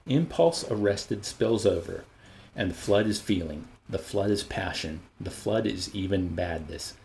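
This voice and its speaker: A man narrating an audiobook in an expressive, measured reading. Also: lowish voice, vocal fry, a little hiss or hum. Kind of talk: scripted narration.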